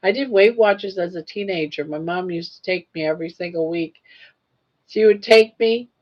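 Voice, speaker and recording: A woman's voice: fairly low pitch, moderate pace, muffled recording. An older woman hosting a casual livestream, telling stories in a chatty way and laughing often. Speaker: livestream host. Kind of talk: casual chat.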